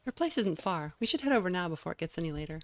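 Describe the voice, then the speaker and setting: A woman's voice: on the low side, lively intonation, rapid-fire, dry recording. A woman voicing an earnest, hesitant young woman who is anxious and curious.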